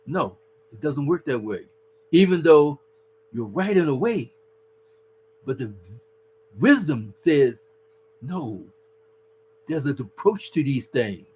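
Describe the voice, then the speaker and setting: A man's voice: on the high side, very animated, takes it slowly, pauses often, a little mellow, breathy edge, rough recording. A man giving earnest, preachy relationship advice to husbands, calling the listener his brother. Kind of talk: casual advice talk.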